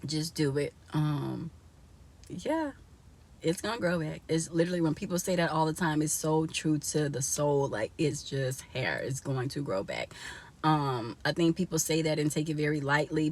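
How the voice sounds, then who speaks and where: A young woman with a deep voice vlogs casually from inside a car. She's chatty with her viewers and laughs often as she talks.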